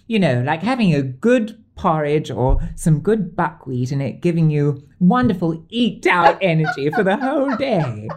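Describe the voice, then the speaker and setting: A man's voice: on the high side, very animated, measured pace, hardly any pauses, noisy background. Effusive posh English man host. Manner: effusive, flowery, theatrical. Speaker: podcast host. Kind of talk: casual chat.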